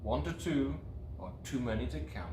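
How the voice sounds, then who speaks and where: Manchester guy, lively up-and-down voice, dry jokes, echoey room. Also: medium pitch, moderate pace. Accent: English, Manchester. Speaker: game player. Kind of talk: casual chat. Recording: roomy room with faint noise.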